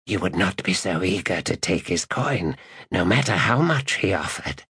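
A man voicing a cold, controlled stranger who threatens an assassin in an audiobook, in a raspy near-whisper. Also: low voice, animated, normal speed, pushed and bright, dry recording, clean studio sound, exaggerated voice. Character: menacing mysterious male stalker, cold and controlled. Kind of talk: audiobook narration.

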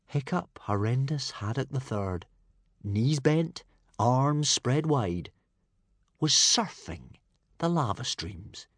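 Expressive male narrator, husky, dry close sound, lively dramatic delivery. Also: medium pitch, slow pace, no room sound. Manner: dramatic, dropping to a hush for suspense. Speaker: audiobook narrator.

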